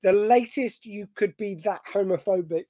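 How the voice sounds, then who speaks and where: A man's voice: high-pitched, normal speed, dark tone, no echo. A British man co-hosting a podcast, chatting and joking with rambling asides. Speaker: podcast co-host. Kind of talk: casual chat.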